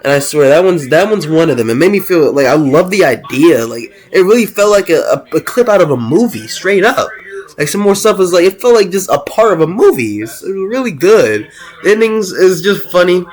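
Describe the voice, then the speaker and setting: Young man, slightly high voice, excited rambling commentary, lots of slang. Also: normal speed. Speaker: video host ranking cartoon episodes. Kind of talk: casual tier-list commentary.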